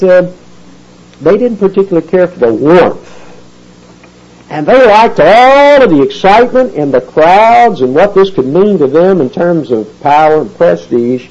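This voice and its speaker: Guy teaching bible study, husky voice, fairly high pitch, folksy, muffled lo-fi tape. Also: a little mellow. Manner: emphatic when quoting scripture, folksy asides. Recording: dull lo-fi recording.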